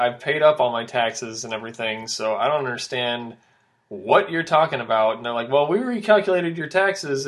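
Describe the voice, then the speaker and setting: A man's voice: mid-range voice, fairly bright tone. A young man co-hosting a casual podcast, telling a long story with lots of fillers and restarts. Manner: rambling storytelling with many fillers. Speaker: podcast co-host.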